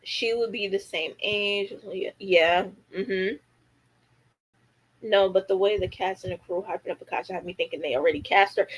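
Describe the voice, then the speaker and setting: A woman's voice: medium pitch, fairly even intonation, moderate pace, low-quality recording. A woman hosting a casual livestream, chatting with lots of fillers and reading viewer comments aloud. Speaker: livestream host.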